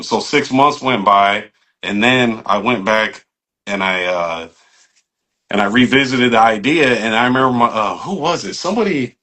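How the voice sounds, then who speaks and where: Bright-voiced man telling stories. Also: fairly low pitch. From San Jose, California. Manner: animated, profane, acts out quoted speech, many fillers like "you know what I mean". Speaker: podcast guest, barber. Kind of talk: casual storytelling conversation.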